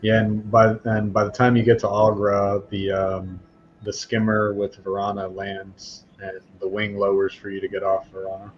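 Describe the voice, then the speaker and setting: A man's voice: lowish voice, monotone, moderate pace. A man narrating a tabletop game as game master, hesitant and full of fillers. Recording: dull lo-fi sound with faint hiss.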